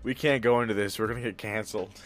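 A man's voice: fairly low pitch, steady tone, fast talker, a bit bright, soft background music. A man in casual online chat, swearing heavily and joking crudely over a voice call.

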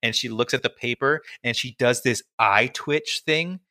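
Bright young man retelling scenes. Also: medium pitch, normal speed, no room sound, studio quality. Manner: animated storyteller, acts out movie scenes. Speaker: podcast co-host. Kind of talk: casual chat.

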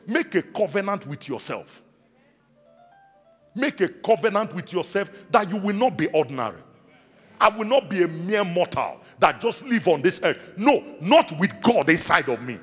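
Animated male preacher in a reverberant church. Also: a little high. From South Africa. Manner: preaching with call-and-response questions to the congregation. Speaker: pastor. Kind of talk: sermon. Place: large church hall. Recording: long hall reverb with faint music.

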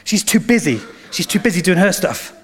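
Animated man preaching with repeated emphasis. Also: high voice, a little fast, breathy edge. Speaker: pastor. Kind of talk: sermon.

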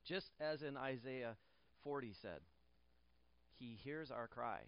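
A man preaching a sermon in a church, his mid-range voice climbing in pitch and volume whenever he drives a point home. He repeats phrases, restarts sentences and slips in light jokes. The recording is slightly dull and muffled. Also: slow pace, smooth. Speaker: pastor.

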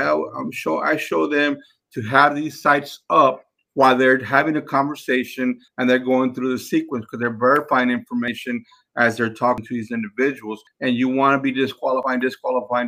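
A man talks listeners through his method as a podcast host. His voice is gravelly and bright, and his delivery is emphatic, with frequent restarts and repeated phrases. He keeps calling the listeners guys. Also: mid-range voice. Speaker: podcast host and sales trainer. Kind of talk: instructional talk.

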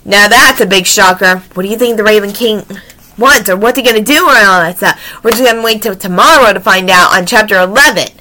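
A woman reading children's books aloud in an animated, expressive way with chatty asides. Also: medium pitch, brisk, a little hiss or hum. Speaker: story reader.

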